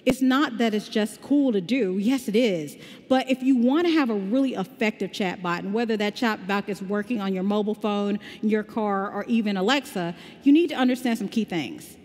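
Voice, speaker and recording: A woman's voice: fairly high pitch, darkish tone. Woman with a slight Southern drawl presenting. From Southern United States. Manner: upbeat, conversational, explaining step by step. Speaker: tech conference presenter. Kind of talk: conference talk with live demo. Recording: long hall reverb.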